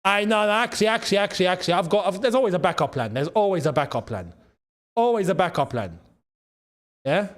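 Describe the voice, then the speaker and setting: A man hosting a live football watchalong, excitable and quick to shout and laugh. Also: high-pitched. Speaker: football channel host.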